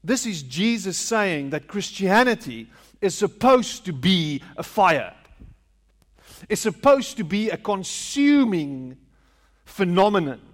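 Slow high-voiced preacher. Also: male voice. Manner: rhetorical questions, emphatic repetition. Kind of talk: sermon. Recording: long hall reverb.

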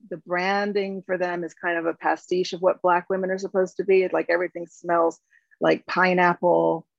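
A company founder in her fifties from the United States reflects on her story in an interview, using many fillers and restarts. Her lowish voice has a gravelly edge. The recording is dry with no echo, dull and slightly lo-fi.

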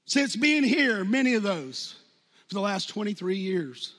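A man in his fifties preaching a sermon as pastor, animated, jumping from loud outbursts to hushed lines and acting out quotes. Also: high-pitched, a little slow. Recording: long hall reverb.

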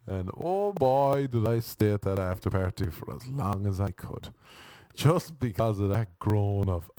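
Wry, low-voiced male comic rambling. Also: animated, unhurried, mellow, no room sound. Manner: self-deprecating, wry, switches into mock voices.

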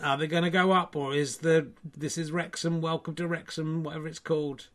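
A man's voice: on the high side, little pitch movement, fairly quick, fairly bright tone. A man hosting a casual stream, reading out football scores with wry, rambling asides. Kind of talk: casual live-stream chat.

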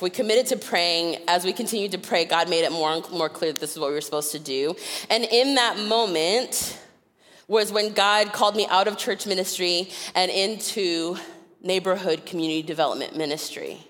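A woman preaching a sermon, telling personal stories with animated delivery and frequent laughter. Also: fairly low pitch, moderate pace, long reverb tail. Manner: animated, acts out voices in her stories, laughs often. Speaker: guest preacher. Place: church sanctuary.

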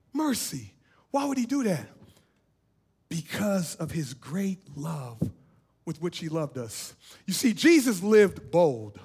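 A man preaching a sermon as pastor, with sudden swings between shouting and hushed lines, repeating his phrases and laughing in bursts. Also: high-pitched, breathy edge.

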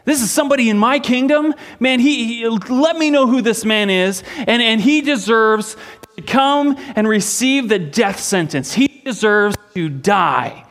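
A man's voice: extremely high pitch, lively intonation, unhurried, a bit bright, pitched above the performer's own voice, heavily acted. A pastor acting out an enraged indignant king.

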